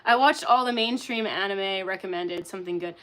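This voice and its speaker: A woman's voice: mid-range voice, a little fast, fairly bright tone. A young woman casually chatting on a livestream, reading out and answering chat, candid, swearing and laughing often.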